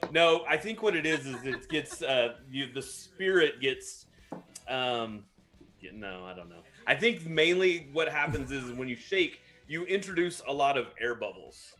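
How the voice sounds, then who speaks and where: Over soft background music, a man co-hosting a relaxed live stream explains a cocktail he's mixing, wandering off track and teasing himself. His mid-range voice is expressive and unhurried, with a sharp tone.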